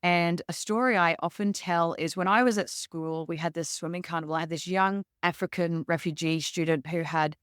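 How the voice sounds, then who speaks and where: A woman with an Australian accent, a leadership expert guest telling stories in a relaxed interview and acting out quotes as she goes. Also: fairly low pitch, moderate pace, few pauses, clean tone, no room sound, clean studio sound. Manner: lively, acts out quotes in her stories. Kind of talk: conversational interview storytelling.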